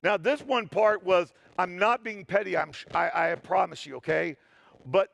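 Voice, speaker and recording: A man with a high, gravelly voice tells a story on stage in a conference talk. He jokes often and pokes fun at himself. His voice sounds dry and close. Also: no room sound. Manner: animated, joking, self-deprecating. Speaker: security tester giving a talk. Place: stage in a hall.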